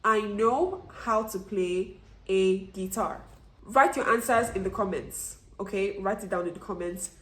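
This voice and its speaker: A woman's voice: medium pitch, unhurried, fairly bright tone, roomy sound, slight background noise. A woman teaching French online, who puts questions to her learners and then answers them herself. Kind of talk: online language lesson.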